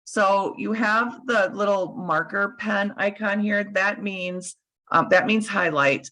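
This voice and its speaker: A woman presenting at a user group, giving a screen-share software demo over a video call. She is losing her voice and talks haltingly, with many fillers and restarts. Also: medium pitch, poor audio.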